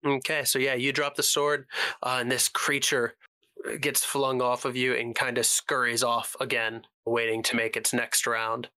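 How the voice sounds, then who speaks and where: A man running a tabletop role-playing game, describing the scene in an easy, measured way. His voice is bright and smooth, and the close mic gives a dry sound. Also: mid-range voice, no echo. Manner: relaxed, measured, with frequent fillers. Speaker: game master.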